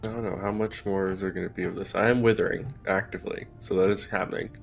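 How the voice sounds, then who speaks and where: Low-voiced man swearing through jokes. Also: steady tone, fast talker, gravelly, soft background music. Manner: profane, jokey, laughs a lot. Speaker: player. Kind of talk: casual banter during a tabletop game.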